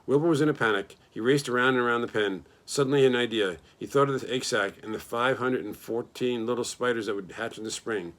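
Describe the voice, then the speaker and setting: A man reading a children's novel aloud in a plain, steady storytelling manner. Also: mid-range voice, fast talker, few pauses. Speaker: reader.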